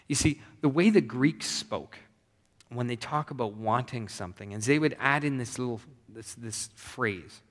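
A man's voice: mid-range voice, normal speed. Man preaching in a reverberant hall. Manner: conversational, animated preaching with repetitions. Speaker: pastor. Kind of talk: sermon.

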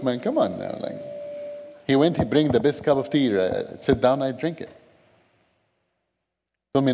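A man's voice: medium pitch, lively intonation, moderate pace, pauses often, darkish tone. A middle-aged man, a guest speaker, giving his testimony in a church, telling a story with humorous asides. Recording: church hall reverb.

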